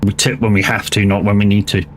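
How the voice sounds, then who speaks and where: His lowish voice has a flat delivery and a quick pace, with slight background noise in the clip. An English gaming streamer, he rambles and chats casually, swearing freely, while livestreaming a driving game.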